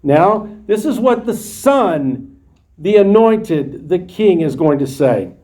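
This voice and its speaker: Male Bible teacher with a high voice, explaining scripture to a class. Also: big pitch swings, slow pace, warm tone. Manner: explains verses plainly, restating them in his own words. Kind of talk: verse-by-verse Bible study lecture.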